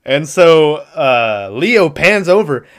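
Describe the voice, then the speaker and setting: A young man casually retelling a movie plot on a podcast, animated and swearing freely, acting out the lines. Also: fairly high pitch, slow. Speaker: podcast host recapping a movie. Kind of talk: casual chat.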